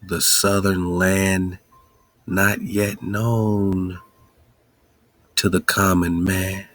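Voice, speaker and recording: Slow husky-voiced man, deep and dry. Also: dry recording. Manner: rhetorical questions, excited musing. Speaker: podcast host. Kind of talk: casual monologue.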